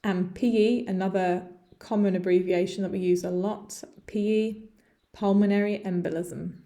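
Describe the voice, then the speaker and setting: A woman with an English accent teaching medical English, repeating words slowly and clearly for pronunciation practice. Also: medium pitch, fairly even intonation, mellow. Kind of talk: lesson narration over slides.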